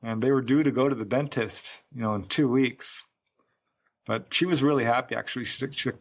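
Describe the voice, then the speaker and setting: A man's voice: mid-range voice, brisk, dull audio. A man, a UFO researcher, recounting a case as a guest in a podcast interview, a chatty storyteller who acts out quotes.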